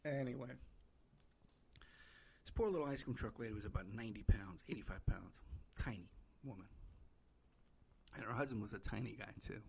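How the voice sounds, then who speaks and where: A man's voice: fairly low pitch, moderate pace, gravelly, pauses often, slightly rough. A middle-aged man hosting a podcast, telling a rambling story in casual chat, full of "you know" fillers and acting out quoted voices. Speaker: podcast host.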